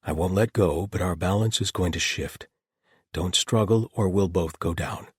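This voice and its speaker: A man voicing a male paladin warrior who speaks with eerie, measured calm. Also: deep voice, slightly rough, dry recording, clean studio sound. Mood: steady.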